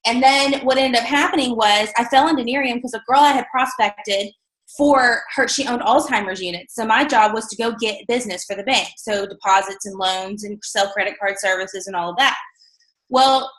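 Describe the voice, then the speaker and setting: A woman's voice: a little high, a little fast, a bit bright, echoey room, rough recording. A middle-aged woman giving a candid, chatty motivational talk to a sales team, full of fillers and self-deprecating asides.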